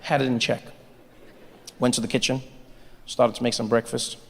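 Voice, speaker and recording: A man doing stand-up comedy, telling stories with animated delivery and acting out characters. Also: medium pitch, normal speed, gravelly, long reverb tail, slight background noise. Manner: animated storytelling, acts out characters.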